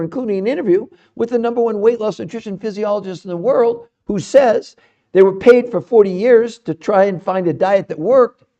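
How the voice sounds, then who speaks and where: A middle-aged man hosting a live stream, speaking fiercely and insistently, sometimes dropping into quiet asides. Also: high voice. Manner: fiery and insistent, often trailing off into quiet asides. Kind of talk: energetic live-stream pitch. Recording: dull lo-fi live-stream audio.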